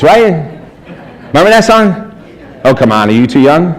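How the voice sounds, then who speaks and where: A man giving a storytelling sermon as a spiritual speaker, animated, chuckling often and acting out the people in his stories. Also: high-pitched, normal speed, low-quality recording. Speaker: spiritual speaker and life coach. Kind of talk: storytelling sermon to a live audience.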